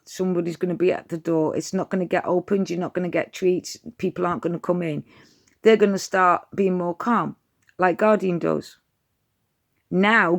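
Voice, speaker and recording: A woman's voice: fairly low pitch, creaky. A woman, giving dog training advice in a chatty, direct vlog style. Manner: chatty, direct, addresses viewers as "you lot".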